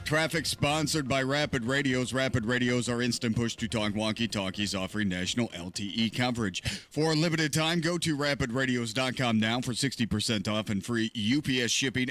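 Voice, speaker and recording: Brisk male radio traffic reporter. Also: mid-range voice, fairly bright tone, dry recording. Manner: brisk, matter-of-fact delivery. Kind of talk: scripted traffic report and live read ad.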